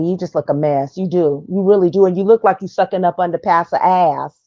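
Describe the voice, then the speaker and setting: A woman's voice: fairly low pitch, brisk, warm tone, no echo, dull audio. A woman giving blunt, sassy, trash-talking gossip commentary on a livestream.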